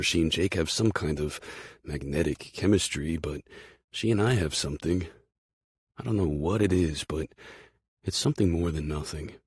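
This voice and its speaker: A man narrating a romance audiobook in the first person, with a slow, brooding delivery. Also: a bass voice, slightly rough, dry recording, studio quality.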